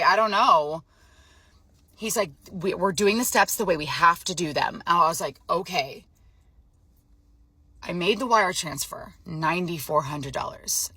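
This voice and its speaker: A young woman who vlogs tells her viewers about a phone scam she fell for, acting out the dialogue as she goes; she's frazzled, worn out emotionally, and nearly crying. Her lowish voice is bright yet husky and comes across forcefully. The recording is dry.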